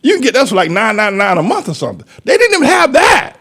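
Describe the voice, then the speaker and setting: A man's voice: very high-pitched, huge pitch swings, very fast, fairly bright tone, breathy edge. A man, a pastor, rambling through a folksy commentary monologue with chuckling asides.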